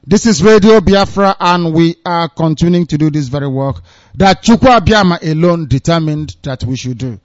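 A man hosts a call-in radio program, his voice sitting a little high. He breaks into exclamations and mocking asides. The sound is dry and muffled, like a lo-fi broadcast. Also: moderate pace, no room sound. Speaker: radio host.

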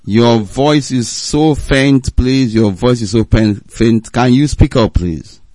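A man's voice: mid-range voice, takes it slowly, warm tone, no echo. A man hosting a radio call-in show, firm and insistent, repeating his prompts to callers.

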